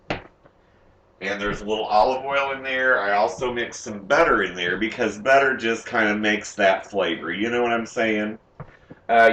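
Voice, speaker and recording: A man's voice: on the low side, fairly bright tone, roomy sound, slight background noise. A man playing a sassy, campy woman home cook who hosts a comic cooking show from a home kitchen and teases the audience as she goes. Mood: chatty. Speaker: cooking show host character.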